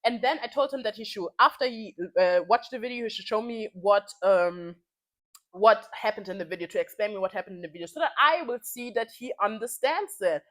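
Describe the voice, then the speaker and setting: A woman's voice: mid-range voice, brisk, fairly bright tone. A woman in her twenties venting in a casual vlog, frank and heated, swearing freely and repeating phrases for emphasis. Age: 20s. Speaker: vlogger.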